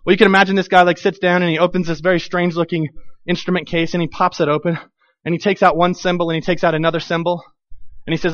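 Pastor, male, high voice, animated conversational sermon; dry, slightly dull recording. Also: quick pace, no echo. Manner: animated, conversational preaching with acted-out asides.

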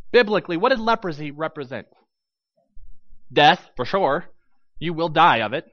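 A man preaching a sermon who retells a scripture story dramatically, swinging from loud bursts to hushed low lines. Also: no room sound. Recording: dull lo-fi dry recording.

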